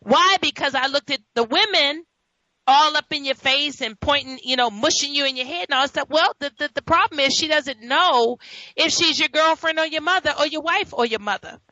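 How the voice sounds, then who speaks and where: This woman from New York hosts a talk show, chatting casually as she tells stories full of laughter and animated asides. She speaks fairly quickly in a high-pitched voice, with no echo, on dull lo-fi audio.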